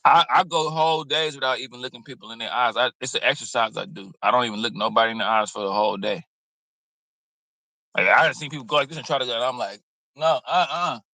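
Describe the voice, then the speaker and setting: Streetwise guy preaching at the camera, bright voice, real dry sound, cusses a lot. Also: medium pitch, fast, vocal fry, dry recording, low-quality recording. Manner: preachy, streetwise, blunt with cursing. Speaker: commentary host. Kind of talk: casual reaction commentary.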